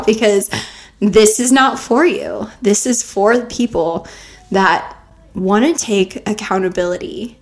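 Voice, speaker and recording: A woman hosting a self-help podcast, talking earnestly and coaching her listeners with rhetorical questions, close to the mic. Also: medium pitch. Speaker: podcast host. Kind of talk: motivational self-help talk.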